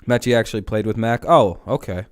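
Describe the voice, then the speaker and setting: A livestream host chats casually about football, rambling and joking with plenty of swearing. His voice sits on the low side, with a clear, resonant tone, and he talks fairly quickly.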